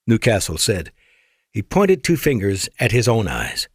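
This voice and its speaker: Male audiobook narrator, mid-range voice, dry and measured. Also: medium pitch, big pitch swings, no echo. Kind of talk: scripted narration.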